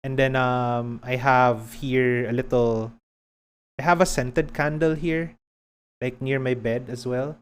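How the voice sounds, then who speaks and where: A man's voice: medium pitch, fairly even intonation, slow, clean tone. A man with a Filipino accent chatting casually while streaming a game, rambling and laughing often.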